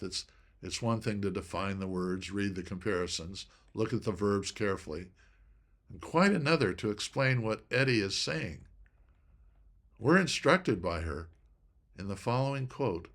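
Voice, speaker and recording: Deliberate man teaching scripture study. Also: on the low side, animated, a bit bright. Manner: deliberate, stresses key words. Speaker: presenter of a Bible study talk. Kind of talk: inspirational teaching talk.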